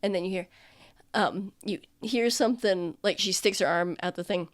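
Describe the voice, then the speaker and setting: Woman game master narrating, relaxed, lots of ums and likes, mid voice. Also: mid-range voice, normal speed. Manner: casual, many fillers.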